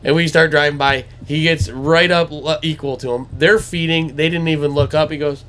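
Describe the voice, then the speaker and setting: A man's voice: steady tone, moderate pace, few pauses, a bit bright. Man telling hunting stories, casual. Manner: storytelling, mimics high sweet voices talking to deer. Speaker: podcast host.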